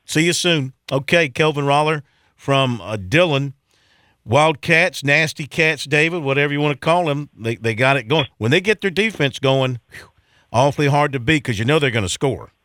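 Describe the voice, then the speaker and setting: A man's voice: on the high side, animated, moderate pace, fairly bright tone, dry recording, clean studio sound. A man hosting a sports radio show, chatty and folksy, asking guests leading questions.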